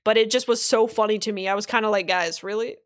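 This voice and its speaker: A young woman reacting to anime on a live stream, reading out chat messages and talking casually, swearing and getting excited. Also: medium pitch, racing.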